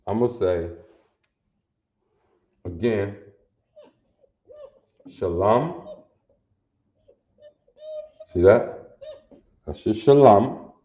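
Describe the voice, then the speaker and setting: In a classroom language lesson, a man with a lowish, dark, expressive voice explains things word by word, speaking slowly, repeating himself and often checking that listeners follow. The audio is dull and lo-fi in an echoey room.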